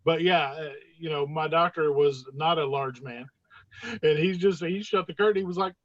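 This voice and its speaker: Animated storyteller on a dull dry line. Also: mid-range voice, normal speed, no room sound. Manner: animated, acts out quoted dialogue in raised voices. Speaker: podcast guest. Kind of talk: casual storytelling.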